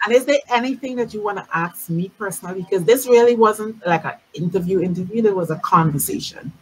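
A woman's voice: medium pitch, fast talker, slight background noise, low-quality recording. A woman hosting a casual live-stream chat, chatty and full of fillers, heard over a video call. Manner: chatty, warm sign-offs with many fillers. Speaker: host.

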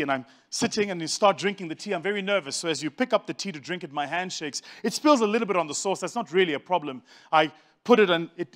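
Man, South African accent, high voice, animated, joking storyteller. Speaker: speaker telling a story to a live audience. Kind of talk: humorous storytelling talk.

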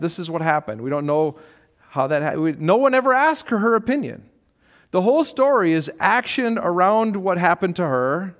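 Male pastor, middle-aged, sermon, slightly high-pitched, conversational, restarts often, church sanctuary. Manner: conversational preaching with frequent restarts and light laughs; acts out quoted voices with sharp rises in pitch.

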